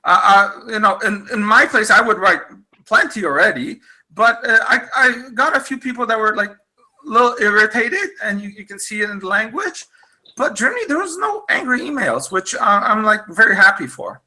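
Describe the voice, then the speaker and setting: A man, a small business owner, speaking as a guest in a casual interview, hesitant and halting. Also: high voice, expressive, bright, forceful tone, rough recording.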